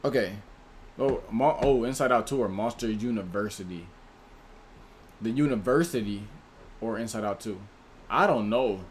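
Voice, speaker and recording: A man's voice: lowish voice, normal speed, pauses often, a little hiss or hum. Guy streaming live, reads off chat names and picks, talks loose and slangy. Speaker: livestream host. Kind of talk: casual livestream chat.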